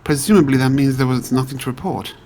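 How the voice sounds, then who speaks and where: A man's voice: mid-range voice, fast talker, darkish tone, a little hiss or hum, close to an everyday voice. A man voicing an earnest, somewhat flustered young male lawyer in a video game, reading expressively. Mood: eager.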